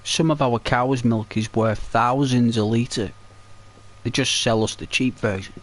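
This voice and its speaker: A man's voice: mid-range voice, fairly even intonation, unhurried. A man streaming a video game, chatting to his viewers in a rambling, chatty way with many restarts. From Britain. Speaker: gaming streamer. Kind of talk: casual chat to viewers while playing.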